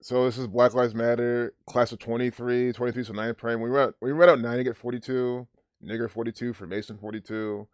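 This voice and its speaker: A man giving casual, rambling, profane commentary over a video clip, pausing to decode numbers. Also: mid-range voice, flat delivery, no echo, studio quality.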